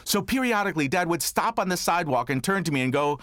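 A man telling a comic story from his childhood in a monologue, wry and animated. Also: fairly high pitch, fast talker, hardly any pauses, no room sound. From New York. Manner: wry, animated, dry humor.

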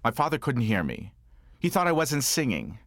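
A man telling a comic story from his childhood in a monologue, wry and animated. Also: medium pitch, normal speed, dry recording. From New York. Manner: wry, animated, dry humor.

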